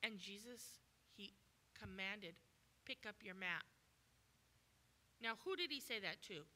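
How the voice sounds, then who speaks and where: A woman preaching a sermon as a guest speaker at a church, animated and acting out the voices of people in the story. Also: medium pitch, slow pace, a little hiss or hum. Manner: animated, acts out voices in quoted dialogue.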